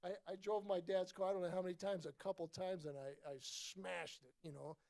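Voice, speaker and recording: Man in his sixties telling a lively story. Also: high-pitched, a little fast, creaky. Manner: animated anecdote teller, acts out voices in quotes. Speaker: former baseball player, guest. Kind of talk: casual storytelling at a book event.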